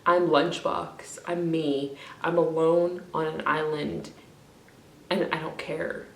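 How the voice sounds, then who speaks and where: A woman's voice: deep voice, level tone, takes it slowly, gravelly, roomy sound, distant mic, slight background noise. A woman ranting in an emotional vlog, crying, frustrated and rambling, swearing often. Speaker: vlogger.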